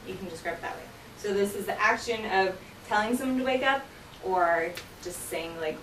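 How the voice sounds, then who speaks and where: A woman's voice: medium pitch, a little fast. A woman teaches a classroom full of students, walking them through vocabulary with patient explanations and frequent "okay?" checks. Her voice is picked up from a distance in a roomy, echoing classroom. A faint hiss of background noise runs underneath. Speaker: sign language teacher.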